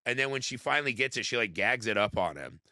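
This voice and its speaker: A man's voice: mid-range voice, fast talker, dry recording, clean studio sound. A young man co-hosting a movie podcast, talking casually and profanely and acting out lines from films. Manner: profane, animated, acts out movie quotes. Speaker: podcast co-host. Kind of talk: casual chat.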